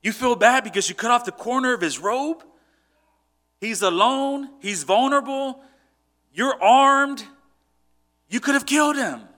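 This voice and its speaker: A preacher acting out an indignant, hotheaded soldier who talks in a loud, pushy, incredulous way. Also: male voice, extremely high pitch, a little slow, long pauses, voice pushed up, heavily acted. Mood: incredulous, heated. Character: indignant armed soldier, adult man, hotheaded.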